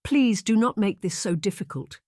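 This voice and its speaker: A man's voice: a little high, fairly even intonation, brisk, a little mellow, dry recording, clean studio sound, lightly acted. A man voicing a proper young woman, a governess, speaking formally and with restraint. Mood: pleading.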